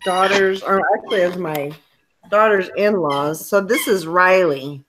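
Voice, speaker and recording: A middle-aged woman hosting a casual chat on a video call, easygoing and a little halting. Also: on the low side, noisy background. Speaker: host.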